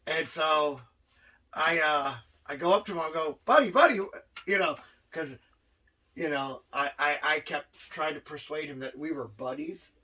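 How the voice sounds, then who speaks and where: A man co-hosting a podcast, telling stories in a lively, animated way with frequent restarts. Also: a little high, unhurried, recorded from a distance, low-quality recording. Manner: animated, repeats and restarts words as he tells stories. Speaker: podcast co-host, wrestler. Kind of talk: casual storytelling chat.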